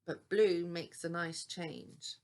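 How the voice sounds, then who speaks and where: A woman's voice: lowish voice, flat delivery, slow pace, a little mellow. An older woman voicing a plain-spoken male engine, matter-of-fact, in a storybook. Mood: mild.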